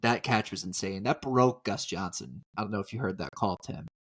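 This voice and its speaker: A man co-hosting a casual sports podcast, animated and quick to laugh, often talking over his partner. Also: on the low side, husky. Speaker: podcast co-host.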